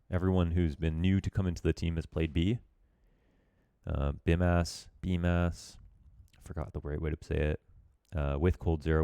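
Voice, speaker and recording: A man's voice: a bass voice, dark tone, clear, resonant tone, no room sound, clean studio sound. A man coaching viewers through a recorded match, talking in a loose, chatty way with lots of filler words and some self-mocking asides. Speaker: esports coach reviewing a match demo. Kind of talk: casual game analysis commentary.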